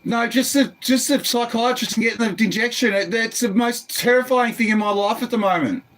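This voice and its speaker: A man with a strikingly high voice argues through a closed door, agitated and pleading, swearing and breaking into shouts. It sounds like an indoor phone recording. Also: brisk. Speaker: resident confronting police at his door. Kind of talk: heated argument.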